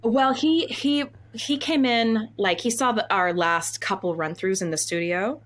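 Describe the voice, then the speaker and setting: A Broadway actress chatting as a podcast guest, animated and candid, often acting out what people said. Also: female voice, mid-range voice, measured pace. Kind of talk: casual interview chat.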